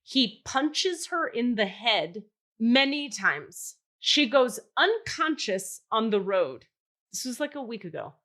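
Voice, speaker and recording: A woman hosting a podcast, telling a story in casual chat, animated and swearing, acting out the voices of people she quotes. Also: fairly high pitch, slow. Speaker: podcast host.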